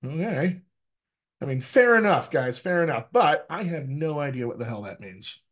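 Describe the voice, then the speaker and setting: A man with an American accent, a dialect coach giving a lively, teacherly talk to actors over a video call, often checking in with "right?". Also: fairly high pitch, normal speed. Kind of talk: live online coaching talk.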